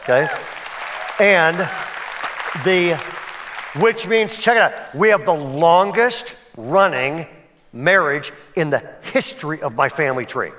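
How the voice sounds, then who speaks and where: Pastor, man, animated storyteller, high bright voice. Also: slow, pauses often, a faint crowd. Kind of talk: sermon. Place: church sanctuary.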